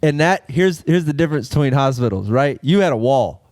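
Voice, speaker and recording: A man's voice: medium pitch, animated, fairly quick, a little mellow, no room sound, studio quality. A man co-hosting a podcast in casual chat, reacting with laughs and vivid asides. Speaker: podcast co-host.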